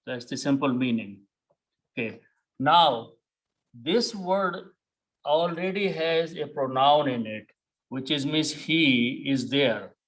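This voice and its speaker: A man teaching a Quran lesson, explaining words step by step, repeating key terms and pausing on "okay". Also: medium pitch, expressive, fairly bright tone, low-quality recording.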